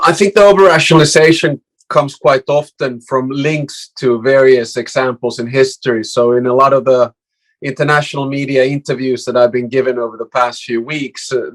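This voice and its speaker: A man from Finland, a former prime minister and professor, giving measured, explanatory interview answers. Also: medium pitch.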